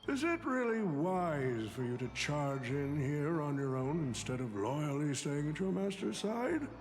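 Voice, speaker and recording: A streamer voicing a scheming old businessman mastermind, smug and measured, as amateur voice acting over a game. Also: medium pitch, pitched below the performer's own voice, close to an everyday voice.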